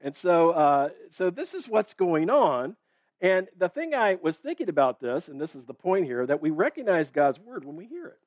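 Male pastor, conversational sermon, filler-heavy, somewhat raised pitch, close dry recording. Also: no echo. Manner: casual, conversational, reads verses and checks in with "right?" and "okay?".

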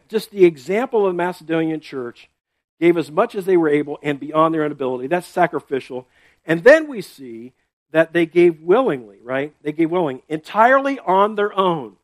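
A high-pitched man delivers a sermon as a pastor, talking to his congregation as if in conversation. He keeps checking in with quick "right?" and "okay?" tags and doubles back over his words as he explains. The sound is dry and close, with no room echo. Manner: restarts and repeats words while explaining.

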